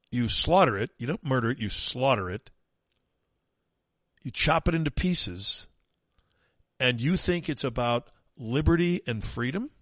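A man's voice: medium pitch, fairly bright tone, no echo. A man hosting a talk radio show, delivering an opinionated, mocking and emphatic monologue.

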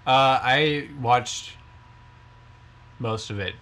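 A man's voice: medium pitch, very slow, pushed and bright. A man co-hosting a podcast in casual chat, easygoing and chatty. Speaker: podcast co-host.

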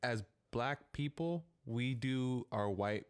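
A young man talking casually on a podcast, quick and rambling with many restarts. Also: medium pitch, lively intonation, clear, resonant tone. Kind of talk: casual chat.

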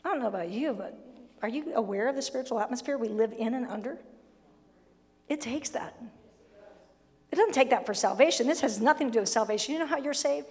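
A woman with a high voice preaches to her congregation in a blunt, emphatic way with flashes of humor. Her words ring out with a long reverb from the church hall around her. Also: a little mellow. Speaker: pastor. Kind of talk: sermon. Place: church sanctuary.

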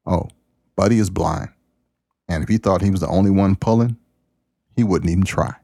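A man's voice: low-pitched, normal speed, vocal fry, mellow, no room sound, studio quality. A man doing a folksy old farmer hollering at a horse. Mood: matter-of-fact.

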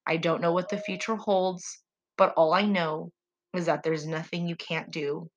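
Woman, podcast host, earnest and prayerful, heartfelt solo monologue, slightly low voice. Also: flat delivery, normal speed, lo-fi sound, a little hiss or hum.

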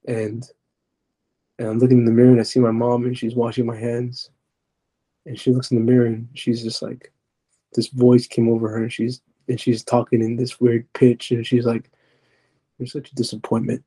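A man speaking as a podcast guest, telling a personal testimony in an earnest, halting way that often sinks to a murmur. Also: mid-range voice, mellow, breathy edge.

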